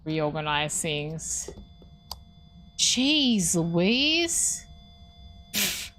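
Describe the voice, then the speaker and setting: A woman's voice: fairly low pitch, very animated, extremely slow, fairly bright tone. A woman streaming a ghost-hunting game, thinking aloud and questioning the ghost. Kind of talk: live gameplay commentary.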